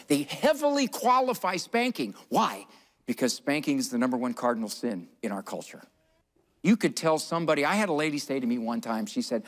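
A man's voice: a little high, sing-song, fast talker. A man giving a live parenting talk on stage, teasing audience volunteers and chuckling as he goes. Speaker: parenting speaker. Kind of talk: live seminar talk with audience role-play.

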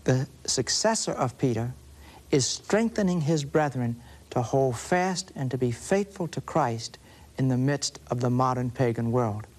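A man with a Southern US accent preaching a Catholic sermon, slowly and deliberately, drawing out key words for emphasis. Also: mid-range voice, a little mellow. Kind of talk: sermon teaching on scripture.

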